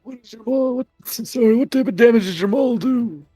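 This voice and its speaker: A man voicing an odd, apologetic male venomous creature in a very high put-on voice. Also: fairly quick, dark tone, husky, dry recording, soft background music.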